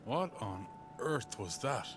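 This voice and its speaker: A man's voice: medium pitch, sing-song, slow pace, over music. An actor voicing a weary male investigator who speaks in a tired, reflective way. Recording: game audio under loud noise.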